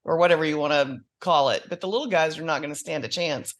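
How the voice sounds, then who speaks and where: A woman's voice: low-pitched, quick pace. A woman on a panel show, chatting casually and telling personal anecdotes.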